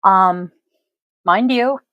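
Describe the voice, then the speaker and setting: A woman hosting her own podcast, talking casually and deliberately, stressing key words with frequent ums. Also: mid-range voice, no room sound, lo-fi sound. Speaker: podcast host. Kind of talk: casual solo podcast talk.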